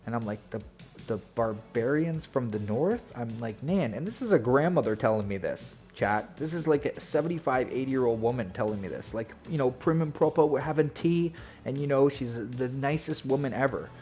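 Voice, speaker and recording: Greeting his viewers while gaming live, a man rambles chattily in an expressive mid-range voice that's a little mellow. He talks briskly, packing in "like" and "you know," with soft background music behind him.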